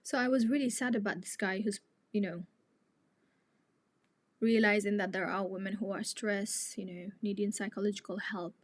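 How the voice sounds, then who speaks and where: A young woman, a native Tigrinya speaker, hosting a live chat and talking to her viewers in an outspoken, indignant way. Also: medium pitch. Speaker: live stream host.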